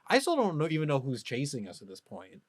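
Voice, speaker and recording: A man co-hosting a podcast tells a story in loose, animated casual chat, laughing as he goes. His voice sits at an ordinary male pitch. It is recorded close and dry, with no room sound. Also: quick pace, no echo. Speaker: podcast co-host.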